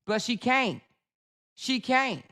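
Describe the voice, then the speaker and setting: A woman's voice: on the high side, lively intonation, takes it slowly, a bit bright. A woman vlogger ranting in blunt, profane, mocking commentary about a rival. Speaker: vlogger host.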